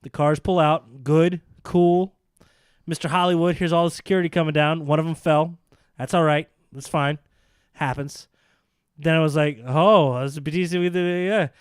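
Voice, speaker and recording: A man co-hosting a casual wrestling podcast, sarcastic and quick to act out mock quotes in silly voices. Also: on the high side, fairly even intonation, clean tone, no echo, clean studio sound. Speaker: podcast co-host.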